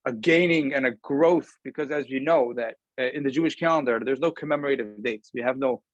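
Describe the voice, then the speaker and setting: A rabbi gives an informal Torah talk over a video call. His voice sits at an ordinary middle pitch and sounds dry and close. He talks conversationally and pauses often with ums. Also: dry recording, highs cut off. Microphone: video call camera.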